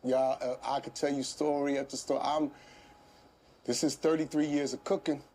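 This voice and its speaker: A man in his fifties, a comedian guest telling stories in a casual interview, animated, laughing often and swearing freely. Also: mid-range voice, moderate pace, slight background noise.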